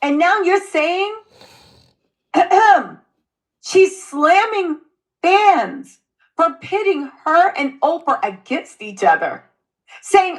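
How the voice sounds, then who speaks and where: A woman co-hosting a comedic commentary, asking sarcastic, animated questions. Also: extremely high pitch, drawn-out words, pauses often. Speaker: co-host.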